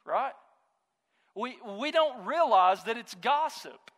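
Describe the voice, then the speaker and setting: A man's voice: very high voice, expressive, slow, a bit bright. A man in his thirties preaching a sermon as a pastor, talking conversationally and weaving in stories about his own family. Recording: long hall reverb.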